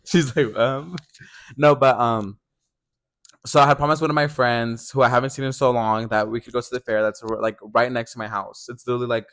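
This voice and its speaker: A man's voice: medium pitch, fairly even intonation, a little fast, fairly bright tone. A young man co-hosting a podcast in casual chat, talking loosely with lots of fillers. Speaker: podcast co-host.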